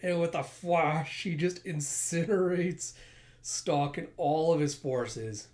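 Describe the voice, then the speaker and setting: A man's voice: fairly high pitch, takes it slowly, darkish tone. A man casually reading a comic aloud and commenting, swearing a lot and adding mouth sound effects. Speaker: comic reader and reviewer. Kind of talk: casual comic book readthrough.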